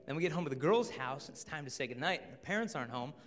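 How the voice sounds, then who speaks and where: A man in his twenties tells lively, joking stories to an audience. His voice sits fairly high. A long reverb trails every line through the large hall. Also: fast. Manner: lively, jokey, acts out quoted people. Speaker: speaker on chastity and dating. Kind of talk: humorous storytelling talk to an audience.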